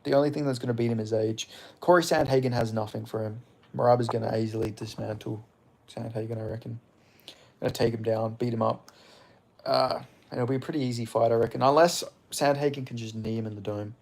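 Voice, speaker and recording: A young Australian man in a loose, unscripted livestream chat, rambling between thoughts and dropping curse words freely. His voice sits at an ordinary middle pitch for a man. He peppers his talk with fillers and small chuckles. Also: fairly even intonation, fairly quick, creaky, a little mellow. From Western Australia. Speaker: MMA commentator reading live chat.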